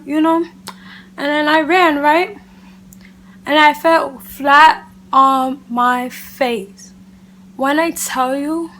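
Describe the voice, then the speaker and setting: A woman vlogger telling a casual storytime to camera, animated and chatty, leaning on "like" and "literally". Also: sits high. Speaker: beauty vlogger.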